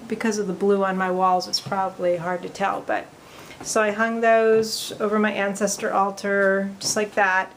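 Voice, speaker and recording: A woman's voice: medium pitch, slight background noise, rough recording. A middle-aged woman chatting casually to the camera at home, rambling with frequent ums and restarts. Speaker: vlogger. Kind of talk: casual home video chat. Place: her home, indoors.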